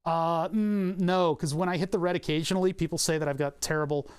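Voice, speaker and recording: A young man with a slightly high, steady, clear, and resonant voice talks briskly while streaming from home. Tinkering as he goes, he chats casually, rambles, self-corrects, and laughs at his own asides. He's on a compressed condenser mic in a room with acoustic padding.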